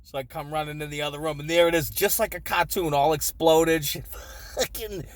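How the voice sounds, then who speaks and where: Forty-something guy telling funny stories, swears a lot, kinda high voice, dry room. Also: fairly even intonation, moderate pace, no room sound. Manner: crude, profane, chuckling. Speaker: storyteller. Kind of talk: casual storytelling vlog.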